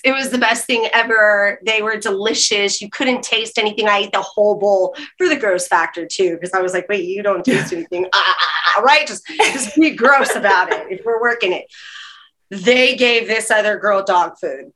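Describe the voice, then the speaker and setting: A woman in her forties chatting casually as a guest, a candid and lively storyteller who laughs often. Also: medium pitch, normal speed, low-quality recording. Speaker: podcast guest. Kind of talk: casual chat.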